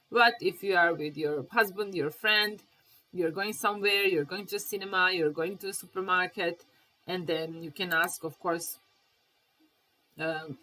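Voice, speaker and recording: Patient female teacher, lowish pitch, mic set back a little. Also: sharp tone. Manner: patient, repeats phrases slowly with example dialogues. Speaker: English teacher. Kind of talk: conversational language lesson. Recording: voice a bit far from the mic.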